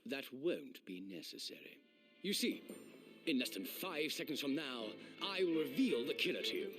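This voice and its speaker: An actor playing a self-assured British consultant detective in a video game, with a theatrical, pompous delivery. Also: male voice, mid-range voice, expressive, normal speed, natural voice. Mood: smug. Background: loud game music.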